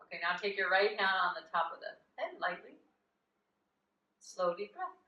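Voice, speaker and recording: A woman yoga teacher guiding a live chair yoga class with gentle, chatty instructions and easy laughs. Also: mid-range voice, animated, normal speed, dull audio. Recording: echoey room, voice from a distance.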